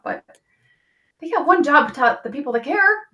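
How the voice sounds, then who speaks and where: A woman physician hosting a casual live-stream chat, talkative and quick to laugh, with lots of fillers. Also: mid-range voice, big pitch swings, pushed and bright, recorded from a distance. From western New York. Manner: chatty, laughs often, many fillers. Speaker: physician host.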